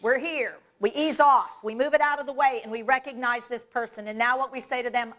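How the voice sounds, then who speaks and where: A woman's voice: fairly high pitch, fairly even intonation, fairly quick, hardly any pauses, fairly bright tone. A woman trainer giving a live workshop on dementia care, talking directly and coaching the audience through hands-on exercises. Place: presentation room.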